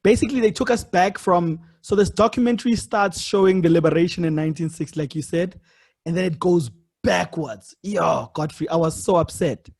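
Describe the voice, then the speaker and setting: A man's voice: high voice, brisk, vocal fry, darkish tone, breathy edge. Earnest male podcast host. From South Africa. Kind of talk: casual interview chat.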